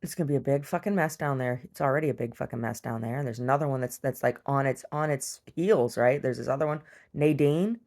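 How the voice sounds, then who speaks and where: Blunt, profane woman with a low voice, venting in a home video diary. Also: fast talker, darkish tone. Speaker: video diarist. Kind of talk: casual video diary rant. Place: rural property at home.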